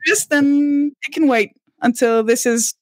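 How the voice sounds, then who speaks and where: A woman debating on a casual podcast, speaking thoughtfully and pausing to search for words. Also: sits high, dry recording.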